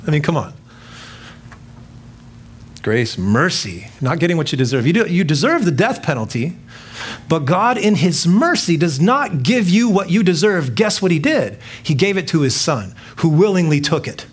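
Husky-voiced man preaching a casual sermon. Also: a little high, very animated, fairly quick. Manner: casual, jokey preaching with laughs and quoted asides. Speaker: pastor.

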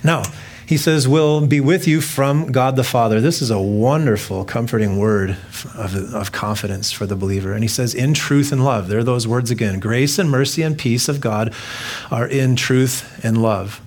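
Husky-voiced man preaching a casual sermon. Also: medium pitch, moderate pace, darkish tone. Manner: casual, jokey preaching with laughs and quoted asides. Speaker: pastor.

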